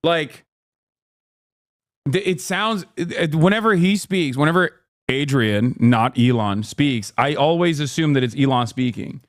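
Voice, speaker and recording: A man's voice: a little high, measured pace, dry recording, clean studio sound. A man streaming, reacting to clips in blunt casual chat with plenty of swearing.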